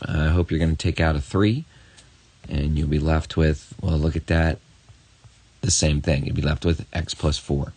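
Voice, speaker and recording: Speaking straight to the viewer, this math teacher encourages a student through a video lesson and drops in quick asides. His voice is very low with a darkish tone, captured in a close, dry recording.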